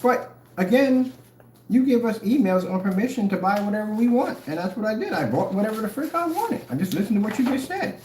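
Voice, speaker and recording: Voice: mid-range voice, very animated, brisk, a little mellow. A channel host in a casual rant to the camera, taunting and mocking. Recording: echoey room, faint noise.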